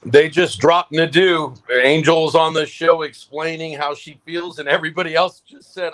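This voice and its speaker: Guy with a bright sharp voice, gossipy host reading out the chat. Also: on the high side, steady tone, normal speed, hardly any pauses. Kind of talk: casual online radio chat.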